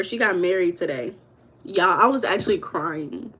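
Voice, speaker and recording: A woman's voice: on the low side, very animated, moderate pace, bright, forceful tone, breathy edge. Chatty woman live-streaming. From United States. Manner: chatty, talks to chat viewers, calls them baby and girl; laughs often while talking. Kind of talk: casual live-stream chat.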